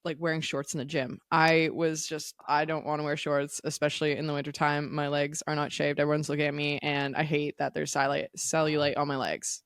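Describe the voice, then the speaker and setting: A woman's voice: low-pitched, little pitch movement, a little fast, hardly any pauses, smooth, no echo, studio quality. A woman co-hosting a podcast who coaches clients, talking candidly with "um" fillers. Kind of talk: casual podcast chat.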